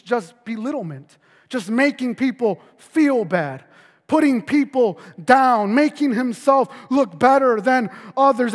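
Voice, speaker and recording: Male pastor, very high voice, earnest sermon delivery with restarts, echoing hall. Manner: earnest preaching, many repeated words, drops low and quiet for emphasis.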